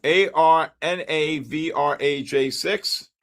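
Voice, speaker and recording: A man with a voice on the high side hosts a live trading stream at a slow pace. Auctioneer-style, he reads off viewers' names one by one.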